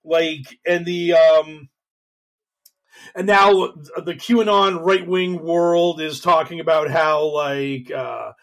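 Rambling man with a slightly high voice. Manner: rambling, many fillers, mocking quoted voices. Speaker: podcast co-host. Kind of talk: casual political chat.

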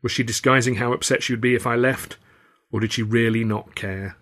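A man's voice: medium pitch, steady tone, brisk, a bit bright, a little hiss or hum. A man narrating his own novel in the first person, with a dry, wry delivery. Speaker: author-narrator.

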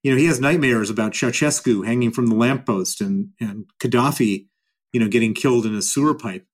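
A man's voice: mid-range voice, fairly quick. A man answering interview questions at length, emphatic and given to repeating his points. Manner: emphatic and repetitive. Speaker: interview guest.

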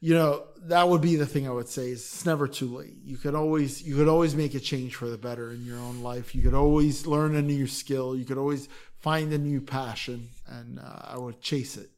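A man's voice: medium pitch, steady tone, moderate pace, a little mellow. A man in his fifties, raised in Florida after a Philadelphia childhood, talking earnestly in casual podcast chat with many restarts. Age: 50s. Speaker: podcast guest.

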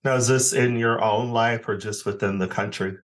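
A man hosting a podcast, reading a scripted welcome and then asking his guest questions in a relaxed way with easy laughter. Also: on the low side, moderate pace. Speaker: podcast host. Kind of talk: podcast interview.

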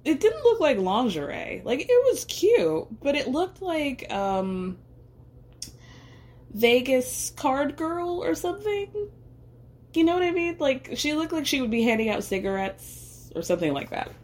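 Chatty higher-voiced woman host. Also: very animated, a little slow, a little mellow. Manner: chatty, laughs often, lots of "like" and rhetorical questions. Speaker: podcast host. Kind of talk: casual recap commentary.

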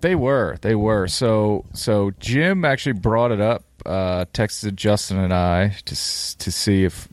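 A man's voice: lowish voice, measured pace, hardly any pauses. A man co-hosting a casual podcast chat, blunt and swearing freely. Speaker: podcast co-host.

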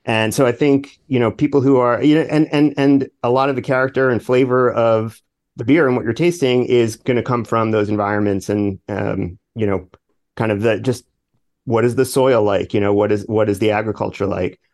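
A man's voice: medium pitch, fairly even intonation, normal speed, darkish tone. A man from New York, a guest author in a podcast interview, talking hesitantly with lots of restarts. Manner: hesitant, full of 'you know' and restarts.

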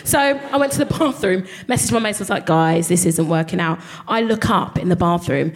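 A young woman telling a lively, profane dating story on stage, laughing as she goes. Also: lowish voice, moderate pace. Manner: animated, laughing, swearing. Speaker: comedian. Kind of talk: stand-up storytelling. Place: live comedy venue.

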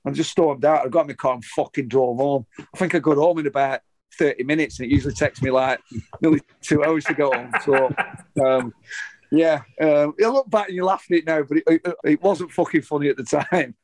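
Sweary ex-footballer, heated. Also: male voice, fairly high pitch, a little fast, darkish tone, rough recording. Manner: heated, sweary, rambling with many restarts. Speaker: former professional footballer. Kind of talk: candid interview storytelling.

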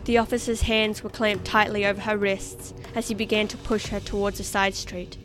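A woman reading a story aloud as narrator in a measured, expressive way. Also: mid-range voice, music in the background. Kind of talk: scripted narration.

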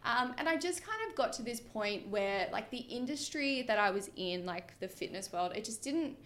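A woman's voice: a little high, expressive, normal speed, fairly bright tone. A young Australian woman in her twenties, a comedy creator chatting casually as a podcast guest, peppering her talk with fillers and swearing.

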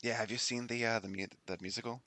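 A man's voice: mid-range voice, fairly even intonation, fast talker, bright, forceful tone, no echo. A man running a tabletop game as game master, wry and self-deprecating, a bit sniffly from allergies.

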